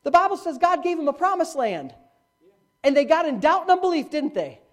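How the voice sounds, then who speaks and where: A middle-aged male pastor preaching a sermon, with dramatic swings from hushed to loud. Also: fairly quick. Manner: animated preaching with dramatic swings in pitch and volume. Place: church, live-streamed.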